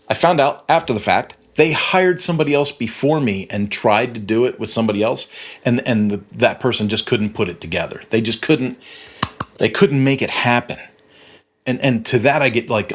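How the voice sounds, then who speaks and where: A man's voice: on the low side, lively intonation, normal speed, a bit bright. A man who runs a web agency, telling client stories in a casual, rambling monologue full of restarts. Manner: rambling, storytelling with frequent restarts. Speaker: web agency owner and podcast host.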